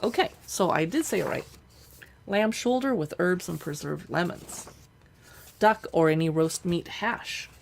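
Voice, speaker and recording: Chatty woman streamer with gravelly voice. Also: mid-range voice. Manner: chatty, reads recipe lists aloud, thinks out loud. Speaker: live-streaming cookbook reviewer. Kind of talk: casual live-stream chat. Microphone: streaming setup.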